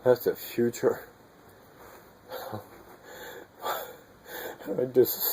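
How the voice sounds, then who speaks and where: A man's voice: on the low side, steady tone, a little slow, gravelly, long pauses, warm tone, slightly rough, poor audio. A man musing in a rambling way about faith and life, repeating himself and chuckling often. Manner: meandering, repetitive, chuckling often.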